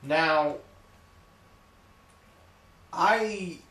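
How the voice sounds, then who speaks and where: A man talking loudly in an emphatic, repetitive rant, often checking in with "okay?". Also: fairly high pitch, very slow, roomy sound. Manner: loud, repetitive, emphatic, keeps saying okay. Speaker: vlogger. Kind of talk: ranting monologue to camera.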